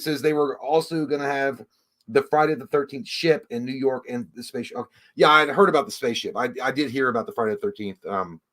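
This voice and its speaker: A male livestream host in casual chat mode, talking at an ordinary middle pitch. He reads viewer messages out loud and riffs on them loosely, dropping curse words and little chuckles along the way. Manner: swears freely, chuckles often, loose and rambling.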